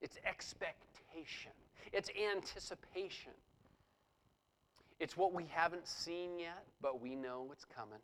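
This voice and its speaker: Man, pastor, sermon, high-pitched voice, expository preaching. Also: unhurried, fairly bright tone, low-quality recording. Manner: expository preaching, rising intensity when reading scripture.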